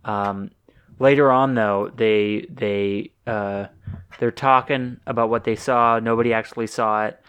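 A man's voice: on the low side, a little slow, clear, resonant tone. Young man rambling through movie recaps. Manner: rambling, animated movie recaps with put-on voices. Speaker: podcast co-host. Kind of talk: casual chat.

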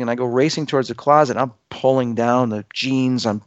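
Animated man spinning a story, lo-fi. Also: mid-range voice, normal speed, no room sound. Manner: animated, acts out dialogue with his voice. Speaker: guest. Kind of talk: casual storytelling in conversation. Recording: dull lo-fi dry sound.

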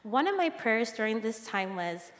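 A woman from the congregation reading out a calm, reflective personal testimony. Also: a little high, normal speed. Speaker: congregation member sharing testimony. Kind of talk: read testimony. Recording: reverberant church hall.

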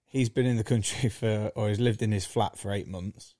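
Hurried man, dry close voice. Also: fairly low pitch, steady tone, mellow, no echo. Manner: hurried, correcting himself mid-sentence. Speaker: podcast co-host. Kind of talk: casual chat.

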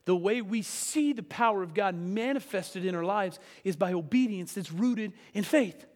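A man's voice: high-pitched, moderate pace, darkish tone, in a large hall. A man preaching a sermon as pastor, talking to the congregation in a conversational way with frequent tag questions like "right?" and "okay?".

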